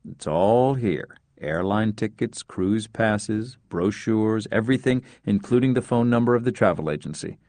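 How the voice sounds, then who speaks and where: A man's voice: fairly low pitch, lively intonation, measured pace, hardly any pauses, darkish tone, dry recording. A man reading the part of a determined, kindly neighbor who talks earnestly and persuasively. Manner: earnest, persuasive, plain-spoken.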